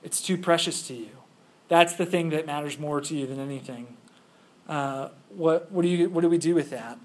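A man's voice: fairly high pitch, normal speed, darkish tone. A male pastor preaching a sermon in a conversational way, full of rhetorical questions.

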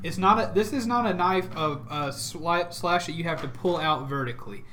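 A man's voice: fairly high pitch, moderate pace, bright, forceful tone, a little hiss or hum. A man running a tabletop game as game master, describing the action in a loose, chatty way with plenty of fillers.

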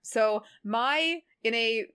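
A woman co-hosting a podcast, casually recapping a cartoon episode in an animated way and laughing often. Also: fairly high pitch, very slow, clear, resonant tone. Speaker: podcast co-host.

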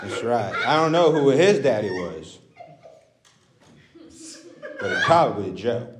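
A man's voice: medium pitch, very animated, takes it slowly, background noise. A male comedian voicing a crude, rambling Texas redneck character on stage. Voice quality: crude, drawling, self-mocking patter. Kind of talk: stand-up character bit.

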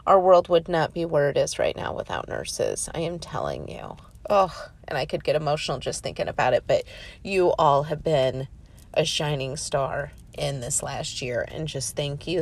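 A woman, gushing warmly to her viewers and repeating words for emphasis. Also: low voice, expressive, a little slow. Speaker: vlogger. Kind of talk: heartfelt direct-to-camera appeal.

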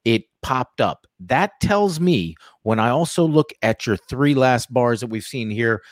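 Man, co-host, trading chat, animated pitch, joking, dry close sound. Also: a little slow, no room sound. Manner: lively, jokey, vivid chart talk. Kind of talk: casual market commentary.

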